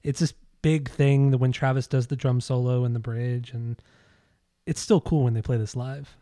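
A man's voice: mid-range voice, fairly even intonation, normal speed, mellow, no room sound, clean studio sound. A man co-hosting a casual music podcast, enthusiastic, laughing often and singing bits of lyrics. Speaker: podcast co-host.

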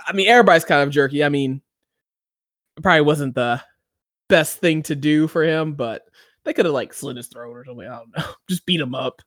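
A man co-hosting a podcast, casually recapping a TV episode with animated storytelling and loud excited outbursts. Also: fairly high pitch, brisk, no echo, studio quality. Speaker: podcast co-host.

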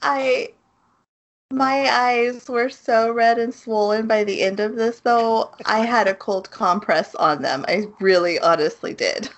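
Woman, podcast host, unhurried pace, slightly high voice, giggly. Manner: giggly, laughs often. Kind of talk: casual chat.

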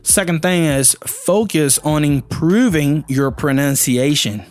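A man's voice: on the high side, slow, darkish tone, dry recording. A man teaching a casual English lesson, talking straight to the listener with lots of rhetorical questions.

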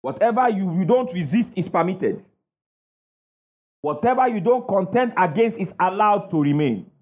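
A man with a high, expressive, darkish voice preaches a sermon at normal speed, using emphatic call-and-response and asking the congregation "what?" so they'll finish his lines. The sound is dull and lo-fi.

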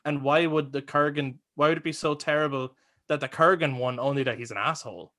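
Bright-voiced man chatting about films. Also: a little high, brisk. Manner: laughs often, excitable, swears casually. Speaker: podcast co-host. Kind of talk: casual film chat.

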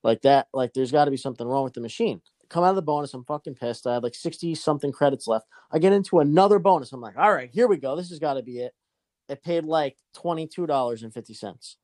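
A man's voice: a little high, fast talker, warm tone, no echo. A young man casually telling a long, profane gambling story to a friend.

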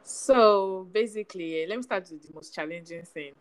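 A young adult woman from Nigeria with a Nigerian accent, co-hosting a casual chat podcast and talking in an animated way, full of fillers. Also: medium pitch, moderate pace, rough recording. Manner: animated, chatty, lots of fillers. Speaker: podcast co-host.

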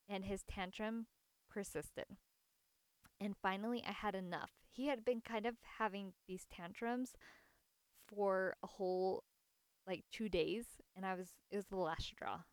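Earnest mother telling a story, smooth voice. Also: medium pitch, measured pace, no room sound. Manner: earnest and reflective, with soft laughs. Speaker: mother sharing a personal story. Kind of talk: casual personal testimony.

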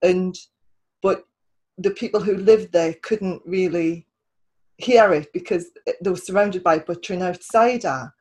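A woman's voice: on the low side, unhurried, a little mellow, low-quality recording. A woman writer hosting a casual interview, talking in a chatty way with many restarts and repeated words. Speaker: podcast host and writer.

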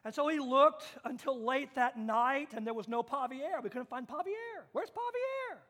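A man from Kansas preaching a sermon as pastor, telling a story and acting out the voices in it, moving from hushed to loud. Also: extremely high pitch, lively intonation, moderate pace. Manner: storytelling with acted-out quotes, swings from hushed to loud.

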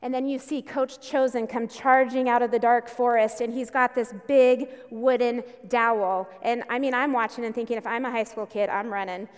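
A woman's voice: a little high, fairly even intonation, moderate pace, few pauses, smooth. A woman pastor preaching a sermon in a conversational storytelling way, with emphatic bursts. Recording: long reverb in a church hall.

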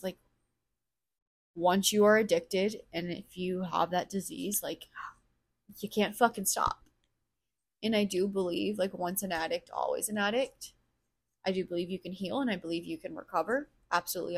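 A woman talks alone on her podcast in a raw, unfiltered way, swearing freely. Her voice sits at an everyday middle pitch. She keeps turning her thoughts over out loud, half talking to herself. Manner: blunt, profane, emotionally raw; self-reflective, thinking aloud. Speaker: podcast host. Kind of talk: candid solo podcast monologue.

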